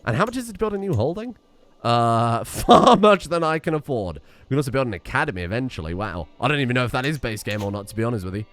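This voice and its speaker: A man's voice: medium pitch, big pitch swings, quick pace, fairly bright tone. A man giving casual commentary while playing a strategy game, thinking aloud and adding wry asides. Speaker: let's play streamer.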